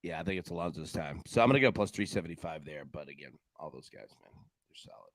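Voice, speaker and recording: A man's voice: extremely low pitch, fast, dry recording. A man hosting a sports betting show, chatting casually in a loose, slangy way. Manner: animated, loose and slangy, lots of "man" and "dude".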